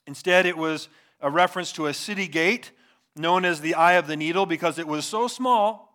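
Earnest, fairly high-voiced male preacher. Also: normal speed, sharp tone. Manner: earnest, emphatic, rhetorical questions to listeners. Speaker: pastor. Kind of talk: sermon.

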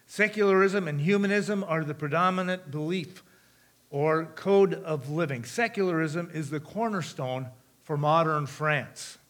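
A middle-aged man with an American accent speaks to a congregation about missions work, his voice sitting somewhat high for a man. He talks conversationally and often throws questions out to the listeners, then repeats their answers back. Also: unhurried, a bit bright. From United States.

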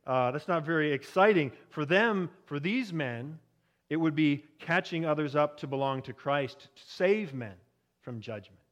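High-voiced man preaching a sermon. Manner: conversational, asks the congregation questions.

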